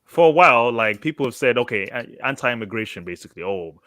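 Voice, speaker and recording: A man's voice: medium pitch, lively intonation, fast, pushed and bright, no room sound. A man co-hosting a podcast, talking casually and thinking aloud with restarts and fillers. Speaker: podcast co-host. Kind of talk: casual group chat.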